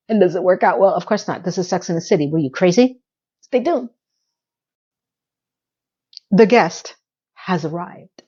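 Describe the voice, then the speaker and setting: A woman's voice: fairly low pitch, moderate pace, long pauses, mellow, breathy edge, highs cut off. A woman giving a casual, chatty recap of a TV episode, with asides and playful impressions. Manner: chatty and conversational, with asides, mock sound effects and impressions of characters.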